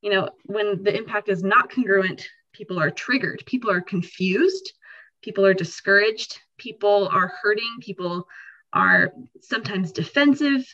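Animated woman podcast host, lo-fi sound. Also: medium pitch, moderate pace. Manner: animated, acts out quoted feelings. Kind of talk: explaining a topic conversationally.

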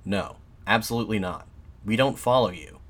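A man voicing angry soldiers heckling from a crowd, in a loud, scornful way. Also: on the low side, normal speed, husky. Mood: jeering.

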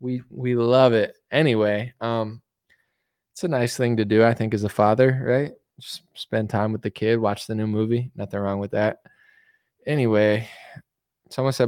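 A man's voice: medium pitch, fairly even intonation, normal speed, smooth, dry recording, clean studio sound. A man hosting a podcast, giving loose, joking opinions with lots of fillers. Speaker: podcast host. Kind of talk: casual opinion chat.

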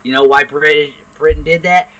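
A man's voice: on the high side, fairly even intonation, normal speed, fairly bright tone, lo-fi sound. A man co-hosting a podcast in casual chat, blunt and opinionated, swearing freely. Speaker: podcast co-host.

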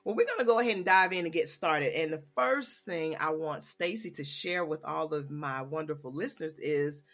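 A woman's voice: low-pitched, moderate pace. A woman in her forties from Georgia with a Southern accent, hosting a podcast in an upbeat, chatty way. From Georgia, USA. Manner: warm and enthusiastic, says y'all. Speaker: podcast host. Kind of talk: casual podcast chat.

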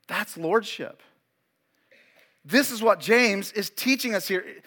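A man's voice: high-pitched, animated, takes it slowly, long pauses. A pastor in his forties preaching a sermon, emphatic and fervent, repeating key phrases and urging his listeners to pay attention. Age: 40s. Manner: builds to loud, fervent preaching.

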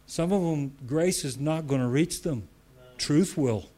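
A man's voice: a little high, expressive, measured pace, mellow. A man preaching a sermon with emphatic repetition, laughing between points.

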